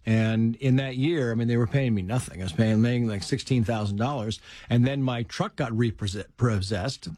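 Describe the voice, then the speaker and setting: A middle-aged man, a guest author, telling lively personal stories in casual conversation and acting out the people in them. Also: normal speed, no echo. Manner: animated, acts out quoted voices with big pitch jumps.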